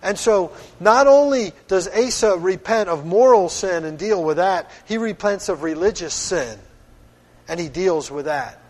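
A man's voice: high voice, lively intonation, a little slow, a little mellow. A middle-aged man from Pennsylvania preaching a sermon as pastor, earnest and firm in a conversational way. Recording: long hall reverb.

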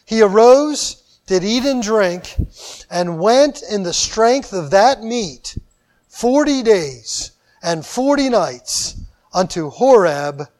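High-voiced animated male preacher. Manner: animated, swings from loud emphasis to quiet drawn-out endings. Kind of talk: sermon.

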